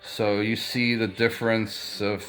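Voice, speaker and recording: A man's voice: lowish voice, level tone, a little slow, a bit bright, soft background music. A man in his fifties chatting casually to his channel, rambling with lots of fillers and restarts. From United States. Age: 50s. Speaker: vlogger. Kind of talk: casual chat.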